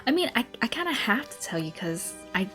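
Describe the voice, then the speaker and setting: A woman giving relaxed late-night gameplay commentary, rambling, chatting to the game's characters, and often apologizing with self-deprecating asides. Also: a little high, a little fast. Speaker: gaming vlogger. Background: soft background music.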